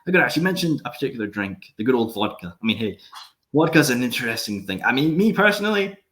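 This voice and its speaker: A man's voice: medium pitch, sing-song, fast talker, fairly bright tone. A Scottish man hosting a podcast, joking, swearing freely and asking eager questions. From Scotland. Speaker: podcast host. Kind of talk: casual podcast chat.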